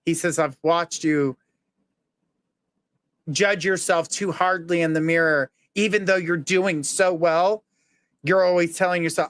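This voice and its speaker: A man's voice: on the high side, steady tone, unhurried, pauses often, fairly bright tone, clear, resonant tone, dry recording, studio quality. A man hosting a live psychic reading, earnestly relaying messages and reassurance. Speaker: psychic medium host.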